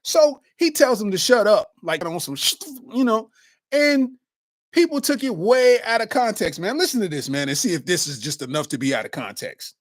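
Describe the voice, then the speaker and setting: A forties-aged comedian with a high-pitched voice talks at normal speed on his own podcast, with no room sound. He tells stories animatedly in a casual monologue peppered with street slang.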